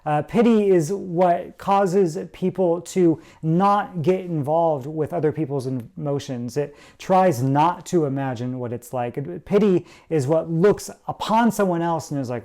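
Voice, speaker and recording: A man's voice: on the high side, a little slow, hardly any pauses, warm tone. A man preaching a sermon as pastor, earnest and conversational, slipping into little quoted voices to make his point.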